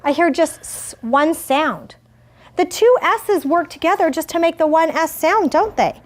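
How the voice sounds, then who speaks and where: A woman teaching a first grade phonics lesson, asking gentle questions and stretching out words slowly. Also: very high voice, lively intonation. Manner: slow, exaggerated word modeling.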